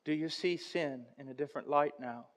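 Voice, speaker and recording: Impassioned high-voiced male preacher. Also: a little fast. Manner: impassioned, builds to near-shouting intensity. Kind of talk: sermon with storytelling.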